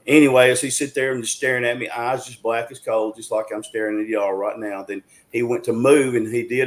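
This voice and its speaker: A man, telling a story as an interview guest in an earnest, folksy way, with frequent restarts. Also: fairly low pitch. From Arkansas, USA. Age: 60s.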